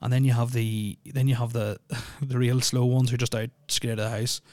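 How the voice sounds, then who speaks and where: Rambling podcast guy, flat delivery. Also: medium pitch, normal speed, no echo. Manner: rambling, filler-heavy, joking. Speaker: podcast host. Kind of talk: casual solo podcast chat.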